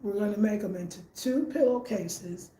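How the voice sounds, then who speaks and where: A woman's voice: medium pitch, moderate pace, dark tone. A woman chatting casually in a home design vlog, thinking aloud as she shows her living room and often repeats herself. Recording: echoey room, faint room noise.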